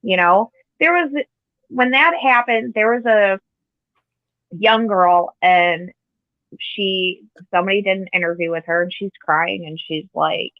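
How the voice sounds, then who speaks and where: A woman's voice: medium pitch, a little slow, no room sound. Woman guest on a call line, heated and profane, tinny and dry. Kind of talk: casual chat. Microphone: phone or call line.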